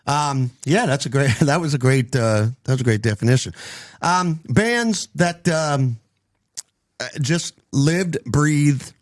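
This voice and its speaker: A man's voice: mid-range voice, animated, slow, no room sound, studio quality. A middle-aged man hosting a casual podcast chat, rambling with lots of ums and restarts. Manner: rambling, many fillers and restarts. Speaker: podcast host.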